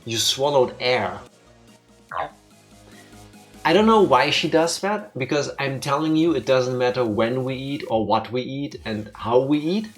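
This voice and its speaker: A man hosts a live game stream, rambling and teasing his co-host in casual chat. His voice sits at an ordinary middle pitch. Faint music plays underneath. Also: animated, a little slow. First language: German.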